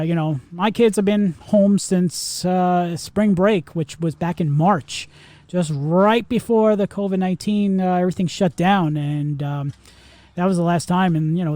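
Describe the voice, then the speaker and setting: With a fairly high, warm voice and no room sound, this man from Florida, US, hosts a podcast. In his forties, he delivers a loose monologue that meanders with fillers and restarts.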